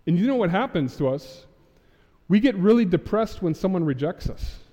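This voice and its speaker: A man's voice: high-pitched, very animated, normal speed, mellow, in a large hall, muffled recording. A man preaching a sermon, acting out Bible figures in casual modern speech. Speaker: pastor. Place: church sanctuary.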